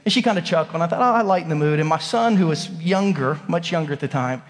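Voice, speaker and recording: A man in his thirties preaching a sermon in a church, telling stories in an animated way and acting out the voices. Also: on the high side, fast. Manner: animated storytelling, acts out voices. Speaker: pastor. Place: church sanctuary. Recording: long hall reverb.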